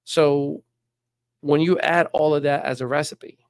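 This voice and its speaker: A man's voice: on the high side, steady tone, unhurried, no echo, studio quality. A man, middle-aged, chatting emphatically about politics as a podcast guest and often repeating words as he starts a sentence. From United States. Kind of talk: casual political chat.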